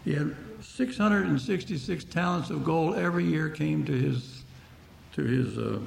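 A man's voice: fairly high pitch, moderate pace, gravelly, darkish tone, echoey room, a little hiss or hum. A man preaching a Bible-teaching sermon, speaking conversationally and explaining the text verse by verse to his listeners.

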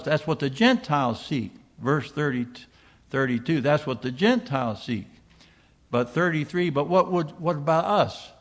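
An older male preacher with a gravelly, creaky voice delivers a sermon. He talks emphatically and poses rhetorical questions to the congregation before answering them. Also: fairly high pitch.

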